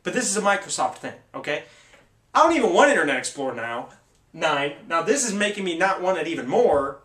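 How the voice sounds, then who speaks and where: A man's voice: fairly high pitch, very animated, brisk, fairly bright tone, echoey room, far from the mic. A man hosting a tech video, ranting casually with sarcasm and exasperation.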